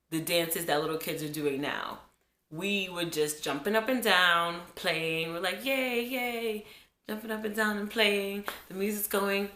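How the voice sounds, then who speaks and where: A woman in her twenties from New Jersey, telling a childhood story to her viewers in an animated, chatty way while getting over a cold. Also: low-pitched. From New Jersey, USA. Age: 20s. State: has a cold. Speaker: vlogger. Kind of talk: casual storytime vlog. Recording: echoey room.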